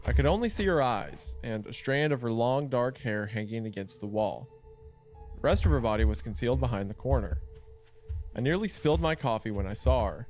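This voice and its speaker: A man's voice: medium pitch, lively intonation, moderate pace, a little mellow, faint music behind. A man co-hosting a podcast, chatting casually, laughing easily, and reading a creepy story aloud.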